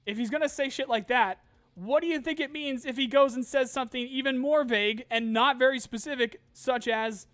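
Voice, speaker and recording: High-voiced ranting gaming host. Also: male voice, fairly quick, fairly bright tone, no echo, studio quality, soft background music. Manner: ranting, swears, lots of restarts. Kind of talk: casual morning chat.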